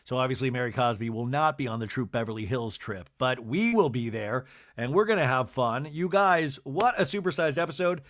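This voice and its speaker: A man hosting a podcast, recapping a reality show in an animated, gossipy way. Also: medium pitch, fairly quick. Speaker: podcast host. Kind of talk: casual TV recap.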